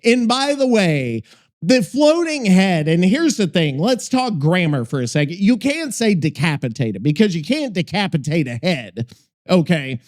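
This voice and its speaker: A man's voice: high-pitched, big pitch swings, a little slow, a little mellow. A man hosting a casual gaming podcast, rambling and swearing freely as he stumbles over words. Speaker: podcast host.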